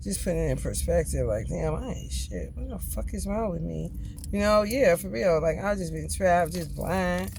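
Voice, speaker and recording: A man's voice: sits high, expressive, moderate pace, gravelly, darkish tone, a little hiss or hum. A man giving a casual tarot reading, profane, chatty and laughing often. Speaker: tarot reader.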